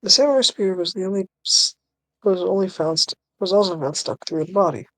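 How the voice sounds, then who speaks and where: A woman's voice: mid-range voice, brisk, a bit bright, pitched below the performer's own voice, close to an everyday voice, rough recording. A woman putting on a formal TV news anchor voice, reading game dialogue aloud on a stream.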